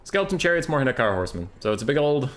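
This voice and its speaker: A man's voice: medium pitch, big pitch swings, racing. Chatty young man casting a strategy game. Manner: chatty, rambling, swears casually. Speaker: game caster. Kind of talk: casual esports commentary.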